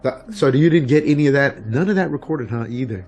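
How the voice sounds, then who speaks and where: A man hosting a casual podcast, talking in a relaxed, halting way with frequent restarts. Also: mid-range voice, soft background music. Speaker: podcast host.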